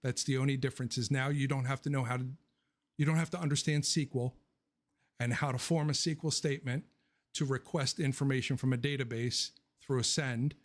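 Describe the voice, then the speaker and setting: A man's voice: mid-range voice, steady tone, fairly quick. A man hosting a casual livestream Q&A, rambling and joking, blunt with his opinions and laughing often. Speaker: livestream host answering viewer questions.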